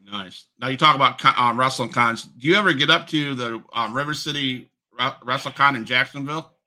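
A man hosts a podcast in a relaxed interview style, with easygoing questions and quick nods of agreement. His mid-pitched voice sounds very bright and sharp. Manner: short affirmations, laid-back questions. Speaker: podcast host. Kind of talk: casual interview.

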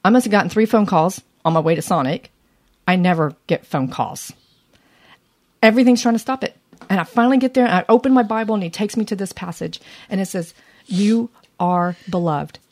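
A woman co-hosting a casual faith chat for women, lively and earnest, laughing easily. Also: medium pitch, fast talker. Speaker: co-host of a women's faith talk.

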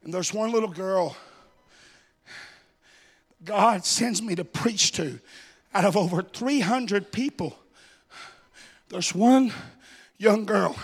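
A male preacher with a strikingly high voice and a gravelly edge. He delivers a sermon in an impassioned, chanting cadence, then drops to hushed, confiding storytelling before building back up. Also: slow, long pauses.

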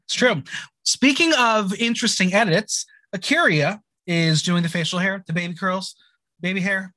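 A man's voice: high-pitched, moderate pace, sharp tone, no echo. A man hosting a casual recap chat, playful and theatrical, teasing his co-host. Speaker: podcast host.

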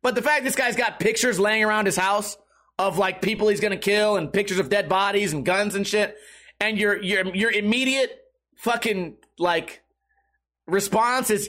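A man's voice: high-pitched, moderate pace, bright, forceful tone. A young man reading news articles aloud and commenting on them in a rambling way, swearing constantly and restarting his sentences. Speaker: streamer reacting to news articles. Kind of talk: casual profane commentary.

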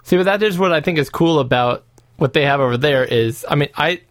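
An American man hosts a podcast in a playful, bantering way. His voice sits a bit high for a man and sounds dry and close. He keeps things light and jokey. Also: fairly quick, no room sound. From United States. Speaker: podcast host. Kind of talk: casual chat.

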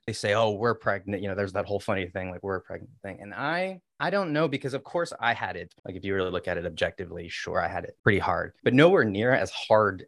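Low-voiced man telling candid stories. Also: a bit bright, dry recording, studio quality. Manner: rambling, with many restarts and fillers. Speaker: podcast guest. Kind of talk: candid conversational storytelling.

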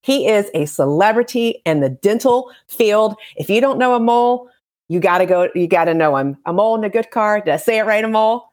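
A woman's voice: mid-range voice, expressive, normal speed, a little mellow. A woman, a dental hygienist hosting a podcast in an upbeat, emphatic way. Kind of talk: scripted intro then casual interview chat.

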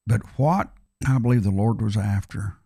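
A man's voice: fairly low pitch, normal speed, gravelly, dark tone, breathy edge, no room sound, clean studio sound. A man co-hosting a faith podcast, talking earnestly in a preacherly way and circling back to repeat his key phrases. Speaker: podcast co-host. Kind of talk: casual faith discussion.

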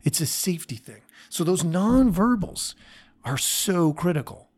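A man's voice: high voice, sing-song, a little slow, a little mellow. A man, a therapist, talking through a casual solo podcast episode in a conversational, self-deprecating way with frequent restarts.

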